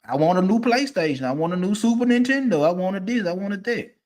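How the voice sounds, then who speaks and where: A man, ranting casually and profanely, swinging from low mutters to loud, emphatic bursts. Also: lively intonation, a little fast. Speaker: streamer giving opinions.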